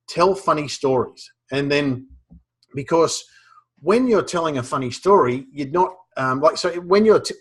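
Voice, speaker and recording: A man with an Australian accent giving casual advice on humor, relaxed, with many fillers and restarts. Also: fairly high pitch. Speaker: guest speaker on humor.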